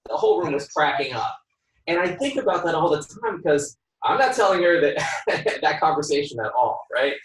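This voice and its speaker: A man who works as a home inspector, a guest on a podcast, telling lively stories, acting out the dialogue and laughing often. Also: on the high side, normal speed. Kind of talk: podcast interview storytelling. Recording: roomy sound from a distant mic.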